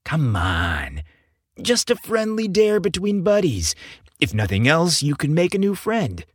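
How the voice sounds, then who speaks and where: A man's voice: a little high, huge pitch swings, unhurried, no echo, clean studio sound, pitched above the performer's own voice, heavily acted. A man voicing a playful, teasing young gay man in an audio story. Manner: teasing, cajoling.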